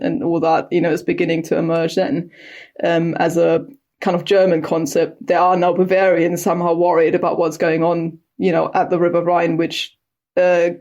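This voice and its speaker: A woman's voice: lowish voice, warm tone. A woman historian, a podcast guest, explaining history in a thoughtful, conversational way, often saying "you know". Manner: thoughtful, fluent with frequent "you know" fillers.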